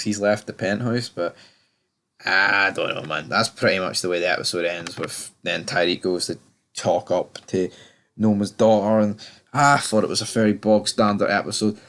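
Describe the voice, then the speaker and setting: A man's voice: fairly low pitch, fairly even intonation, moderate pace, fairly bright tone. A man giving a casual, rambling review of a TV episode, often stammering and repeating words. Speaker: TV show reviewer.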